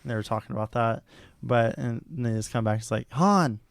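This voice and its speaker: Excitable young man, smooth and dry. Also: medium pitch, fairly quick, no room sound. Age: young adult. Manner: excitable, laughs often, swears casually. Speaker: podcast host. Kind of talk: casual podcast chat.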